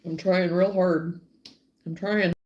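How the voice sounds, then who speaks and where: A woman's voice: fairly low pitch, fairly even intonation, takes it slowly, highs cut off, slight background noise. A woman with an Arkansas accent hosting a casual livestream, chatting and laughing as she answers viewers by name. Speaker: livestream host.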